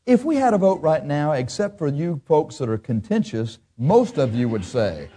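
A man's voice: sing-song, moderate pace, few pauses, dark tone, breathy edge. Blunt, emphatic preacher man. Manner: blunt, emphatic, acts out excuses in a higher whiny voice. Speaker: pastor. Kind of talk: sermon.

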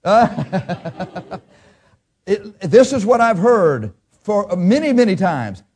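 A man preaching a sermon as pastor, blunt and emphatic, acting out people's excuses in a higher whiny voice. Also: very animated, drawn-out words, darkish tone, husky.

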